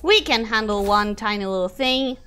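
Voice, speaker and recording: A woman streaming a game, reacting excitably, swearing freely and answering her chat. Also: medium pitch, normal speed, clean tone. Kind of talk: live gameplay commentary with chat replies.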